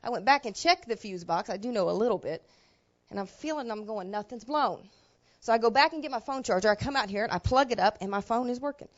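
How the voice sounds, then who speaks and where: A woman pastor preaches in a fairly high voice, telling a personal story in folksy everyday speech. She sinks to hushed asides and then breaks into loud, emotional outbursts. The church recording sounds muffled and lo-fi. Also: animated, fast talker. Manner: colloquial, swings between quiet asides and loud emotional bursts. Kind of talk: storytelling sermon. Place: church sanctuary.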